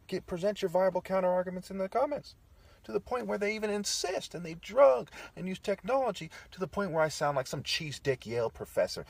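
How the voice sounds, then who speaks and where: In a combative, preachy rant full of profanity, a man repeatedly caps his points with "okay" and "right." His voice is fairly low-pitched and a bit rough.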